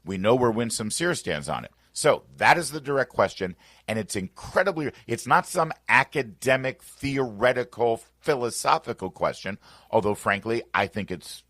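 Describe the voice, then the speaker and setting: A man's voice: mid-range voice, lively intonation, moderate pace, fairly bright tone, no echo, clean studio sound. A man hosting a political talk radio show, arguing emphatically with rhetorical questions. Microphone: studio microphone.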